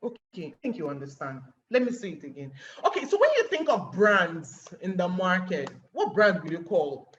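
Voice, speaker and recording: Nigerian woman for a webinar talk: animated, plays out scenes, very expressive pitch; muffled lo-fi recording. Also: normal speed, few pauses, slight background noise. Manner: animated, acting out little scenes and asking rhetorical questions. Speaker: guest speaker.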